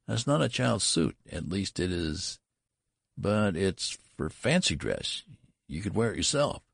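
A man's voice: sits low, big pitch swings, normal speed, vocal fry, husky, no echo, clean studio sound, exaggerated voice. A man voicing a curious, matter-of-fact store clerk in a storybook reading. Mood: puzzled.

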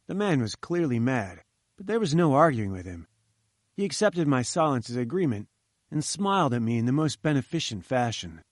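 A man narrating a story aloud in a measured, wry storytelling manner. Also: medium pitch, very animated, no room sound, clean studio sound. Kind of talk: audiobook narration.

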